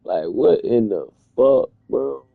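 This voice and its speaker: Gravelly-voiced man ranting in disbelief. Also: mid-range voice, expressive, slow, no room sound, phone-quality sound. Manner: incredulous, profane, rambling rants. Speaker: streamer. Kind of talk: casual reaction commentary.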